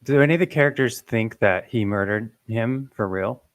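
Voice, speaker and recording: A man's voice: mid-range voice, normal speed, no echo. A man in a casual group watch-along chat who muses and asks questions aloud. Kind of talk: casual chat over a voice call.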